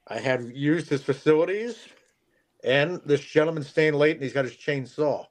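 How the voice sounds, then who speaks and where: A man, a show regular, telling a long self-deprecating story in casual chat, rambling and chuckling. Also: medium pitch. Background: faint music.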